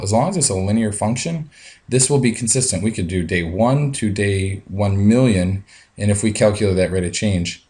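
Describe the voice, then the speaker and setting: A man's voice: on the low side, a little mellow. A male math teacher talking through a screencast lesson step by step, with frequent ums.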